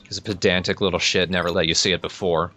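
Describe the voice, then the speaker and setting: A man's voice: low voice, flat delivery, fast, sharp tone, soft background music. A man co-commenting on a let's play, laying out game lore and fan theories with plenty of ums. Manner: nerdy, explains game lore and speculation with fillers.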